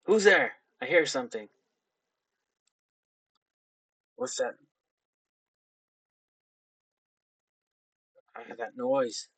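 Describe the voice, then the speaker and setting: A man's voice: mid-range voice, lively intonation, normal speed, breathy edge, dry recording. A man voicing a simple-minded male super mutant who talks in broken, caveman-like grammar. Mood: wary. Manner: calls out loudly for help.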